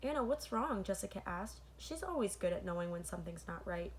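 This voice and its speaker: A woman reading a children's novel aloud as the host of her own read-aloud channel. She corrects her own slips mid-sentence and pauses to add asides to her listeners. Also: mid-range voice, expressive, a little hiss or hum. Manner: stops to comment to listeners between passages.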